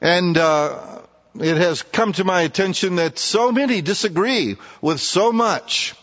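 A man's voice: high voice, measured pace, a bit bright. A man preaching a sermon in a folksy way, acting out scripture characters in casual, everyday voices. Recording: muffled, echoey hall.

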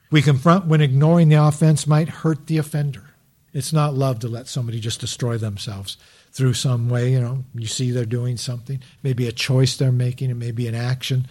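A man's voice: mid-range voice, darkish tone, breathy edge. A pastor giving a sermon in a conversational preaching manner, often posing rhetorical questions to his listeners.

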